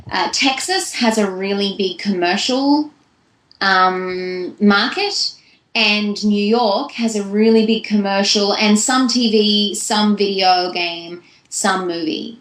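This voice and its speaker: A woman's voice: medium pitch, reverberant, low-quality recording. A young woman, a voice actress, giving chatty, long-winded answers in a casual interview. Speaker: voice actress guest.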